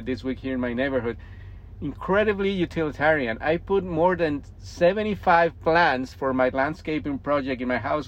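A man's voice: a little high, muffled recording. A man on a car panel, talking with enthusiasm in loose, casual grammar. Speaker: car panelist with a YouTube channel.

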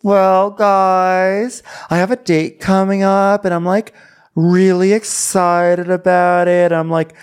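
A man putting on a high falsetto voice to play a giddy, nervous young woman reality star who talks in slow, drawn-out gushes. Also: flat delivery, smooth.

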